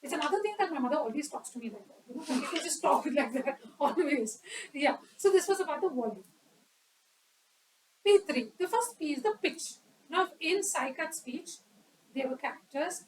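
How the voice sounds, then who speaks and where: A woman's voice: sits high, lively intonation, normal speed, distant mic, slight background noise, rough recording. A woman giving an educational talk on public speaking at a club meeting, quizzing the audience and acting out examples.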